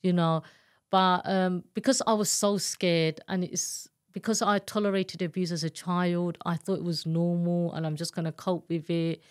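Earnest woman, low-pitched, candid testimony. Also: level tone, smooth. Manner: candid, earnest, halting retelling. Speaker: interview guest, author. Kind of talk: emotional personal testimony in an interview.

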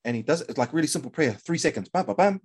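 Telling a long story as a podcast guest, this New Zealander races along in a husky, slightly high voice with a New Zealand accent. He's casual and animated, restarting often and peppering his speech with fillers and "bro."

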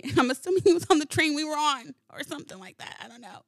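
A woman hosting a solo podcast, telling stories in a casual, animated way, swearing freely and laughing as she goes. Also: high voice, fast talker, no echo, clean studio sound. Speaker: podcast host. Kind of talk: casual solo storytelling monologue.

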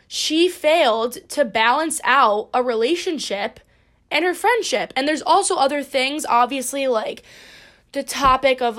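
A young woman in her twenties talks through a solo podcast in a high, bright-pitched voice. She is blunt and animated, swearing freely as she makes her points. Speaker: podcast host. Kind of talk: casual solo podcast chat.

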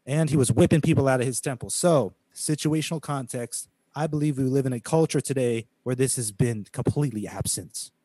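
A man's voice: medium pitch, fairly quick, few pauses, dark tone, breathy edge, no echo. A man from the United States co-hosting a podcast, talking emphatically in a preachy way and quoting scripture. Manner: emphatic, preachy, quotes scripture, mocks critics in quoted voices. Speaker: podcast co-host. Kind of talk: casual podcast talk, preaching tone.

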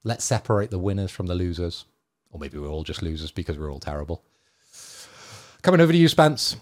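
A man's voice: low voice, big pitch swings, a little fast. A man hosting a casual podcast, steering the segment with wry, self-deprecating humour. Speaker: podcast host. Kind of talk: casual banter among friends.

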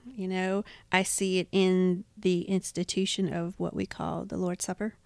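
A woman's voice: fairly low pitch, little pitch movement, unhurried, vocal fry, darkish tone, dry recording. A woman co-hosting a Bible study podcast, explaining the symbols plainly in homely words. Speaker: podcast co-host. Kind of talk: casual Bible study chat.

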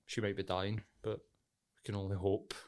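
A man's voice: on the low side, little pitch movement, normal speed, darkish tone. A Glaswegian man co-hosting a podcast, blunt and sweary in casual chat. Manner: blunt, sweary, says "aye, mate" a lot. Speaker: podcast co-host.

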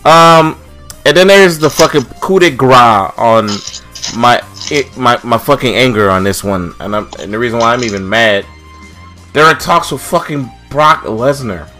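Guy ranting on a podcast, lots of cursing, normal pitch, faint music in the back. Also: moderate pace, pushed and bright. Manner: heated, swearing, ranting. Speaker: podcast co-host. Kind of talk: casual podcast chat.

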